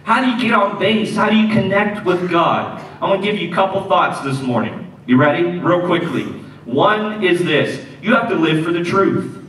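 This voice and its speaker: A man preaching a sermon as pastor, telling stories in an animated way and repeating key lines for emphasis. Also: sits high, slight background noise. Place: church sanctuary. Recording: echoey church hall, mic at a distance.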